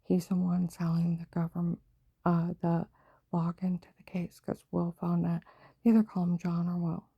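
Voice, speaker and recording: A woman vlogging in a rambling personal monologue, mostly in an unvoiced whisper with sudden louder outbursts, telling her story in urgent run-on bursts. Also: lowish voice, little pitch movement, normal speed, creaky, breathy edge, no echo, dull audio.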